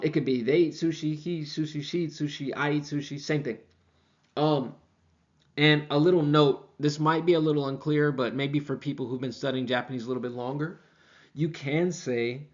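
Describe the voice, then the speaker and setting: A man with a mid-range voice teaches a beginner language class in a relaxed, chatty manner, slowing down and repeating example phrases for his students. The recording sounds dull and lo-fi.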